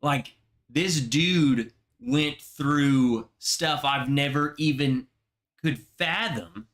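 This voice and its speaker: A man hosting a casual livestream, telling a story with feeling and plenty of slang. He talks slowly in a bright, forward voice, and he sounds close to tears. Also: medium pitch. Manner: slow, emotional, slangy storytelling. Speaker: livestream host.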